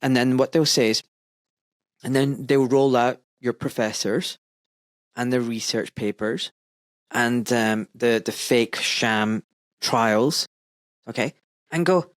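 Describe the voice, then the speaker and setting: A British man hosting a podcast talks emphatically and with indignation in casual discussion, often mimicking other people. His medium-pitched voice moves slowly with frequent pauses, in a dry recording.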